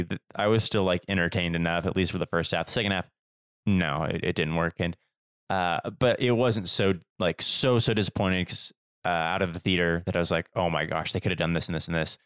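Male co-host, deep smooth voice, dry close sound, halting and agreeable. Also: a bit bright, dry recording. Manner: hesitant, restarts, agreeable. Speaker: podcast co-host. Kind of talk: casual chat.

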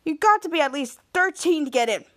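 A woman voicing a self-important teenage boy working as a club bouncer, loud and commanding. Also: high-pitched, animated, a little fast. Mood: bossy.

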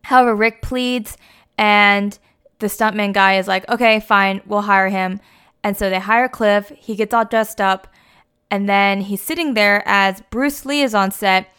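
A woman's voice: mid-range voice, steady tone, measured pace, fairly bright tone, clear, resonant tone. A young adult woman casually retelling a story, chatty and full of fillers like "like" and "you know".

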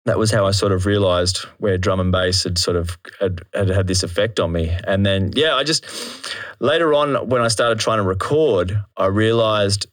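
Animated, excitable Australian-born man. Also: lowish voice, moderate pace, no room sound. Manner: animated, excitable storyteller with many restarts and casual swearing. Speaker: guest musician. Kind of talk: casual podcast chat.

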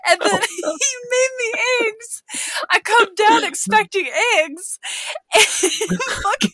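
A woman's voice: sits high, takes it slowly, sharp tone, dry recording. A woman chatting with friends, often laughing and breaking off mid-sentence. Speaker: friend in a chat. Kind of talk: casual chat.

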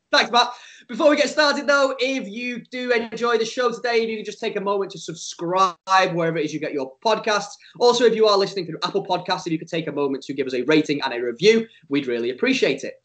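A man hosts a light-hearted podcast, his voice sitting high and bright. He is playful and teasing and laughs easily. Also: quick pace. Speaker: podcast co-host.

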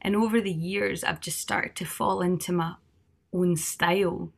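A woman's voice: fairly low pitch, fairly even intonation, measured pace, creaky. Chatty Scottish woman. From Scotland. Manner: chatty, rambling with fillers and restarts. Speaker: singer guest. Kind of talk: casual conversation.

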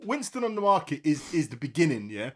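A man co-hosting a podcast in loose, slangy banter. His voice sits fairly high and swings up and down a lot, and he keeps circling back over his own words. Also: brisk. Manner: animated, slangy, repeats himself. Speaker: podcast co-host. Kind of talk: casual banter.

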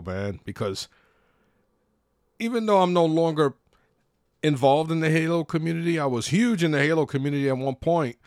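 A man's voice: on the high side, no room sound, studio quality. A man podcasting, ranting in a blunt, profane, exasperated way. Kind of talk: ranting monologue.

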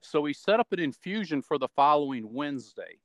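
A man's voice: a little high, very animated, fairly quick, fairly bright tone. A man talking in a loose, rambling way as an interview guest, with many fillers along the way. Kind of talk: casual spoken account.

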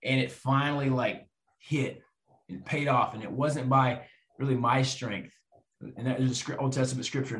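Animated man telling a faith story. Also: medium pitch, normal speed. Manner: animated, acts out quoted voices. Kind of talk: storytelling testimony. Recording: roomy echo.

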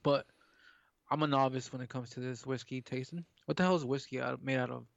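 A man's voice: medium pitch, fairly even intonation, fairly quick, creaky, no room sound, lo-fi sound. A man who is a guest on a casual chat, joking and laughing easily.

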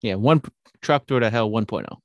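A young man with a low voice talks fast at a podcast mic in a dry room. He keeps up loose, teasing banter with his co-host. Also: dry recording. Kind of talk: casual chat.

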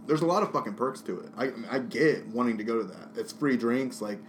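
A man's voice: mid-range voice, a little fast, slight background noise. A man co-hosting a casual podcast, telling rambling, profane stories while drinking. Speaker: podcast co-host. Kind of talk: casual chat.

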